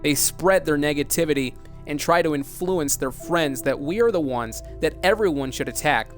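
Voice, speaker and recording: Killer clown ringleader, scornful and slow, voiced by a male announcer, pitched a touch high. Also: soft background music, close to an everyday voice. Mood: defiant.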